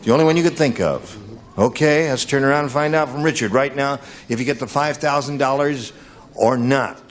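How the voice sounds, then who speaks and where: A man hosting a game show in a TV studio, chatting with contestants and tossing off quick jokes. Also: mid-range voice. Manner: joking, quick quips with the panel. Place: television studio. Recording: studio audience and music. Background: audience laughter and music.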